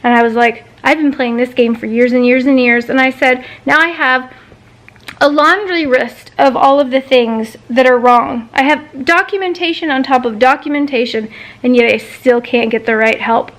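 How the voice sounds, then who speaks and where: High-voiced exasperated woman venting. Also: normal speed, a bit bright. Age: 30s. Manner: frustrated, exasperated retelling, swearing. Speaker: vlogger. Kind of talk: ranting personal vlog.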